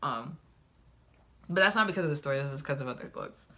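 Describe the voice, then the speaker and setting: Young woman book reviewer, very bright voice, rambly, loose and chatty. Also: deep voice, animated, quick pace. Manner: rambling, full of "like", goes off on tangents. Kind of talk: casual chat.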